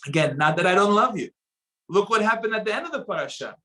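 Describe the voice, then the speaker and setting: A man giving a spoken Torah lesson, telling stories and acting out the quoted voices with sudden swings between loud and soft. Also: sits high, fast, rough recording. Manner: animated, acts out quoted voices with sharp rises and drops in loudness. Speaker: rabbi teaching a Torah lesson.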